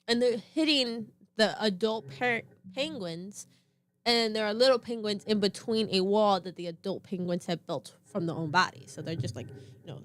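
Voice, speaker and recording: A young woman co-hosting a casual podcast, telling a family story with animated, high-pitched quoted voices and frequent laughter. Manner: laughs often. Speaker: podcast co-host.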